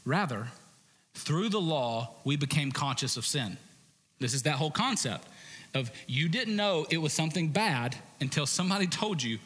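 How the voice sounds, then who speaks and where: A man preaching a sermon as pastor, conversational with jokey asides and sudden shouted bursts. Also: fairly high pitch, lively intonation, normal speed, long reverb tail. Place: church stage.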